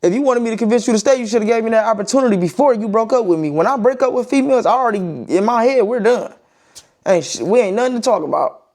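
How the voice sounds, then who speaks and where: A young-sounding male vlogger vents his opinions in a casual monologue, blunt, profane and emphatic, repeating his points. His voice sits high with a darkish tone, and he talks fast.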